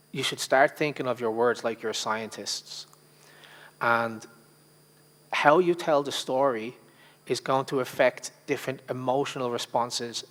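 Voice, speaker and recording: A man leads a public speaking workshop in a relaxed, conversational way, pausing on fillers. His voice sits at a middle pitch. The hall gives it a long reverb tail. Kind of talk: workshop presentation. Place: conference workshop room.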